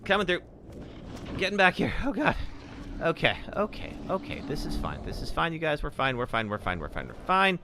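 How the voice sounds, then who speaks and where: A man's voice: a little high, wildly swooping pitch, fairly quick, background noise. A man streaming a horror game live, chatting with viewers and reacting nervously as he plays. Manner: jittery, talks to chat. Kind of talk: live gameplay commentary.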